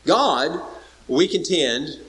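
Male preacher, fairly high voice with a wide swinging pitch, emphatic, keeps asking "all right?". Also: lively intonation, drawn-out words, a bit bright, low-quality recording. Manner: emphatic, repeats words, checks in with "all right?" and "okay?". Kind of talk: sermon.

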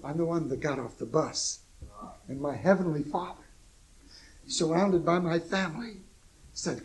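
A man preaching a sermon, swinging between soft low asides and loud emphatic exclamations, with folksy humor and chuckles at his own jokes. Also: measured pace, long pauses, rough recording.

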